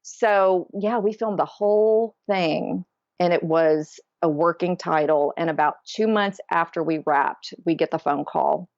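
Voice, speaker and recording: A woman in her forties, a podcast guest, telling her story in a lively, animated way and acting out the voices of the people she quotes. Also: on the low side, a little slow, no echo. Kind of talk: casual storytelling interview. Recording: dull, dry, slightly lo-fi sound.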